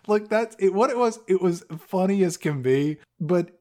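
A man's voice: sits high, lively intonation, moderate pace, few pauses, dark tone. Blunt, sarcastic man on a podcast. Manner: sarcastic, blunt, swears freely. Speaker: podcast co-host. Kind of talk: casual movie recap chat.

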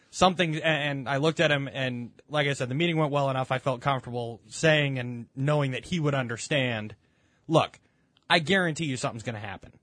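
A young man co-hosting a casual podcast chat, telling stories in an animated way and swearing freely. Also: mid-range voice, no room sound. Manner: animated storytelling, swears a lot. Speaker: podcast co-host.

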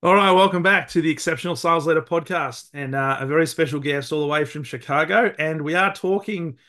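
A man's voice: on the high side, fairly quick, sharp tone, faint music behind. An Australian man hosting a sales podcast, upbeat and affable as he interviews a guest. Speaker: podcast host.

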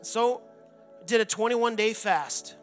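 A man's voice: high-pitched, measured pace, faint music behind. A man in his forties, a pastor, preaching a sermon in a church and telling his own story earnestly. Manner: earnest personal testimony, reenacts his own anguished shouting prayers. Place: church sanctuary.

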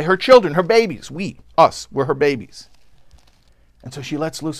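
A man teaching a sermon, swinging from hushed storytelling to loud, impassioned outbursts and translating Hebrew phrases line by line. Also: fairly high pitch, lively intonation, moderate pace, vocal fry. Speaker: Torah teacher.

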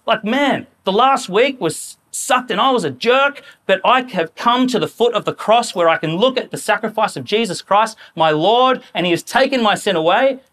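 Animated conversational male preacher. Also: high-pitched, normal speed, hardly any pauses. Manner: animated, conversational, acts out quoted voices. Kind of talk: sermon.

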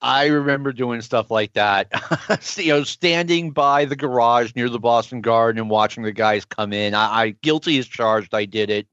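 A man's voice: medium pitch, normal speed, fairly bright tone, clear, resonant tone, no echo. A man in casual chat, enthusiastic, sharing memories and asking questions. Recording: dry, dull lo-fi sound.

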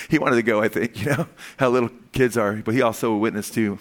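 An older man delivers a sermon as pastor. His preaching is emphatic and punctuated by a questioning "Amen?". When he pleads, his voice climbs in pitch and force. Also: fast, a bit bright.

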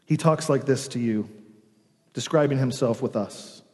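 A man preaching a sermon as pastor, earnest, with dramatic pauses and emphatic swells. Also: medium pitch, a little mellow, big-room sound.

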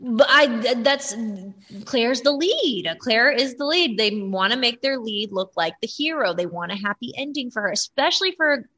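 A woman co-hosting a casual chat, animated and talking in quick bursts with many restarts. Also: a little high. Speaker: podcast co-host. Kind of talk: casual chat about reality TV.

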